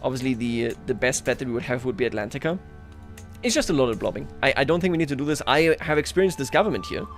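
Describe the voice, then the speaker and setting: A man's voice: medium pitch, lively intonation, quick pace. Guy streaming a strategy game, chatty and joking at himself, voice jumps around a lot, faint music under it. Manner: chatty, self-mocking, chuckles often. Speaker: livestreamer. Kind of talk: casual gameplay commentary.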